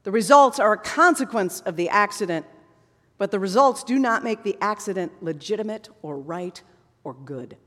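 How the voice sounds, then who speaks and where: A woman preaching a sermon in an earnest manner, rising to fervent passages and sinking to hushed closing words. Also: medium pitch, animated, moderate pace. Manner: earnest, builds to fervent passages, drops to soft hushed endings. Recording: long hall reverb.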